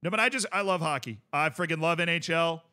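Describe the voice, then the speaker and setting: A man's voice: on the high side, quick pace, bright, forceful tone, clear, resonant tone. A male streamer chatting casually while reacting to clips, enthusiastic and rambling, full of fillers.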